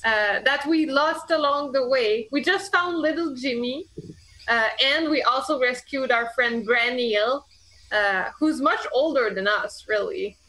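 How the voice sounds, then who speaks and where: Slow, hesitant high-voiced woman. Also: sharp tone, poor audio. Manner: hesitant, halting, with many fillers. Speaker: player. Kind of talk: in-character tabletop play.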